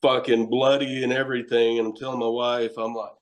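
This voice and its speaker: A man of medium pitch speaks a little fast with a flat delivery. He's a wrestler and horror host appearing as a guest on a casual podcast, telling rambling, profane stories and laughing often.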